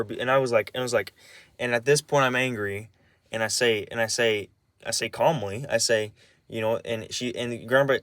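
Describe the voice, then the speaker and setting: A young man rants about his family in a raw, angry vlog, tripping over his words and restarting often. His voice sits at an ordinary pitch. The sound is dry and close, with no room echo. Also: a bit bright. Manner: angry, halting, many restarts and swearing. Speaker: vlogger. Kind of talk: emotional personal rant.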